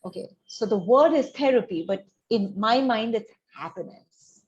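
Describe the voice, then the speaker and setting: Higher-voiced woman coaching over a dull call. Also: expressive, moderate pace, darkish tone. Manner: reflective, tells vivid example stories. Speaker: admissions essay counselor. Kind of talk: coaching a student on an essay over a video call. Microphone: video call. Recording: dull, lo-fi video call audio.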